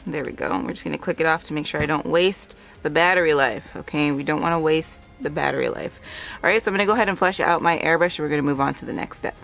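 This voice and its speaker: A woman's voice: deep voice, fast, vocal fry, fairly bright tone, soft background music. A woman talking casually through a makeup tutorial on her channel, chatty, with frequent laughs and lots of "like" and "kinda". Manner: chatty, laughs often, filler words like "like" and "kinda". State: a bit out of breath. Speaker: makeup vlogger.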